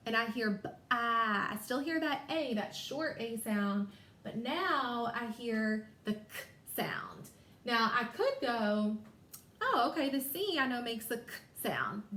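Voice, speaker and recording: A woman teacher leading a phonics lesson, stretching words out slowly and sounding each letter carefully. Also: on the high side, fairly bright tone. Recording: echoey room.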